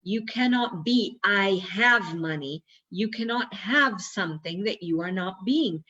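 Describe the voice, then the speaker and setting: A woman's voice: medium pitch, lively intonation, measured pace, bright, forceful tone, husky, heavily acted. A woman reading a spiritual teacher, emphatic. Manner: read aloud from a workbook, lightly emphatic. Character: spiritual teacher guiding a student. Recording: dull lo-fi recording.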